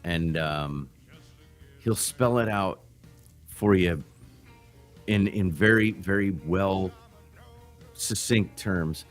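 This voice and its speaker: Low-voiced man rambling on a livestream. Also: slow, pauses often, soft background music. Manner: rambling, loose and profane, restarts often. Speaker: livestream host. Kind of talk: casual livestream chat. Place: backyard grill gazebo.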